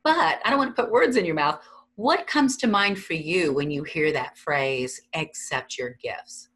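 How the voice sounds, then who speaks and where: Lively, husky-voiced woman host. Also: low-pitched, unhurried. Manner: warm, encouraging, leading questions. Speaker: podcast host. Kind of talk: interview hosting.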